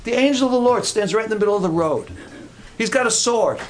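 A man's voice: sits high, lively intonation, fast, slight background noise. A man preaching a sermon, earnest and repetitive, with folksy humorous asides.

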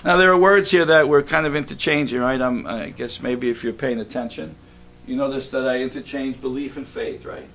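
A man's voice: mid-range voice, brisk, gravelly, few pauses, fairly bright tone, slight background noise. A man preaching a sermon in a church, talking in a conversational way and asking the congregation questions.

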